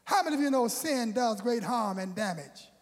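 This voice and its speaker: High-voiced preaching man in reverb. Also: expressive, normal speed. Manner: preaching with call-and-response to the congregation. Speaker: pastor. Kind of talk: sermon.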